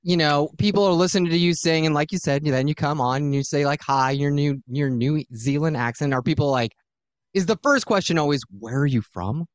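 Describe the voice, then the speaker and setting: A woman's voice: deep voice, a little fast, dry recording. A woman with a Southern California accent hosting an interview, bubbly and playful, chatting casually. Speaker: host.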